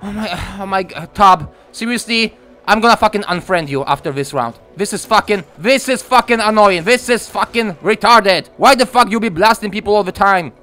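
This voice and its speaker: A young man commenting on his own gameplay from home, swearing a lot and ranting with excitement. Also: high voice, moderate pace, faint music behind. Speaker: gaming commentator. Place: room at home.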